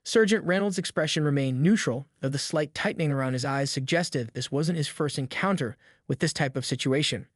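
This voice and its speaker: A man narrating a scripted story in an even, descriptive way. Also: fairly high pitch, a little fast, hardly any pauses, no echo, studio quality.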